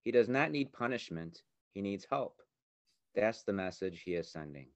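A man co-hosting a podcast, telling stories in a relaxed way with many fillers. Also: fairly low pitch, moderate pace, no echo. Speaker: podcast co-host. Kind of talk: casual spiritual chat.

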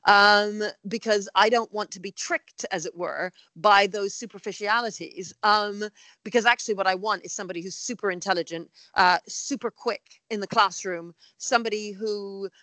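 A woman speaks in a bright, clear voice, giving a thoughtful interview answer. She pauses often with fillers and restarts her sentences as she works out her point. The recording is dry and close, with no room sound. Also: mid-range voice, no echo. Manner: thoughtful, with frequent fillers and repeated starts. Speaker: school leader on hiring teachers.

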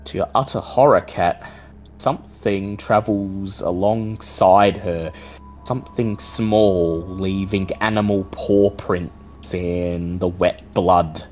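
A woman as game master, narrating a tabletop horror game in slow, suspenseful tones. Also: very deep voice, fairly even intonation, darkish tone, poor audio. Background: faint music.

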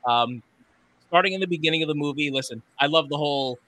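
A man's voice: a little high, fast, bright, forceful tone. A man co-hosting a podcast, giving a rambling, hesitant review full of fillers. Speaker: podcast co-host.

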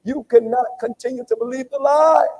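A man pastor leading an impassioned sermon prayer, with a fervent, repetitive preaching cadence that swings from shouts to hushed pleading. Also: very high voice, fairly even intonation, a little fast, low-quality recording.

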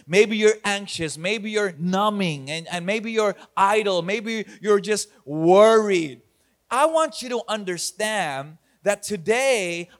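Upbeat male pastor with a high voice, preaching to an online congregation with energy and humor. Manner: energetic, talks to online viewers, laughs at himself. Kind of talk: online church sermon.

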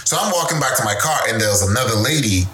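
A man co-hosting a podcast, telling stories in a loose, animated way and swearing freely. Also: medium pitch, fast talker. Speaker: podcast co-host. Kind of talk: casual chat. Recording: echoey room with faint noise.

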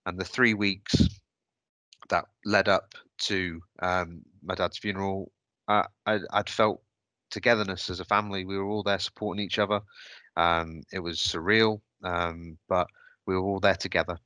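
A man's voice: low voice, level tone, moderate pace, pushed and bright, no room sound. A man telling a personal story on a podcast, hesitant and reflective, often restarting his sentences. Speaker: podcast host.

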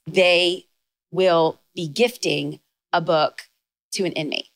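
Female guest, young adult, low-set voice, animated storyteller, dry close mic. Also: no room sound. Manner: storytelling, fast bursts with excited rises in quoted lines. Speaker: podcast guest, author and speaker. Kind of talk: casual chat.

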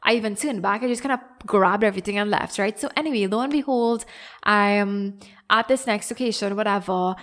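A woman's voice: mid-range voice, a little fast. A young adult woman hosting a podcast, telling a story in a rambling casual way, full of fillers, laughing often. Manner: rambling, filler-heavy, animated retelling with frequent laughter. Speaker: podcast host.

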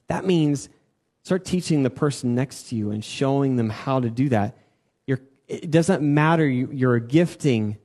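A man with a fairly high voice delivers an informal, conversational church talk. He leans on repeated words for emphasis and keeps turning to his listeners with questions. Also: darkish tone. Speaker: church teacher. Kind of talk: informal sermon with audience questions.

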